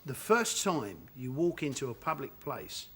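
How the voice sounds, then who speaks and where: A man with a Cockney accent, a talk show guest telling animated stories and laughing often in a television studio. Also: mid-range voice, a little slow, husky. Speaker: guest actor.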